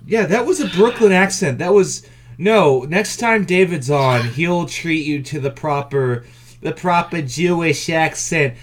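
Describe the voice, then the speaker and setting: A man's voice: a little high, animated, measured pace, a little hiss or hum. A man co-hosting a casual gaming podcast, hesitant and self-mocking, stumbling over his words. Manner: hesitant, lots of fillers and restarts, self-mocking. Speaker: podcast co-host.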